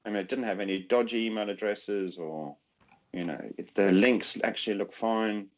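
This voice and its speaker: Male podcast host, lower register, relaxed storytelling chat, animated delivery. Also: moderate pace. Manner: animated, acts out quoted voices. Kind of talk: casual chat.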